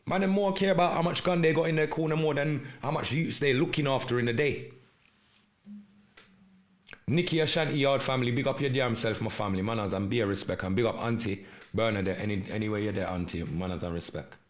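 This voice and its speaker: A man hosting a live stream podcast, delivering an urgent, preachy monologue in street slang and shouting out viewers in the chat. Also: mid-range voice, fairly quick. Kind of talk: impassioned livestream monologue with chat shout-outs.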